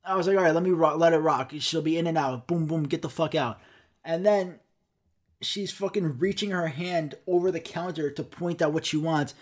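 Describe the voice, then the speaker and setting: A man's voice: fairly high pitch, normal speed. Profane, exasperated young man ranting. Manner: acts out customers and himself in quoted dialogue. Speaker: podcast host. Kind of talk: solo podcast rant. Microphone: studio microphone.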